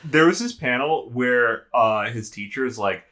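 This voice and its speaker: A man's voice: mid-range voice, animated, measured pace, pushed and bright. A man co-hosting a manga podcast, wry and laughing, acting out quotes in casual talk. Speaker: podcast co-host.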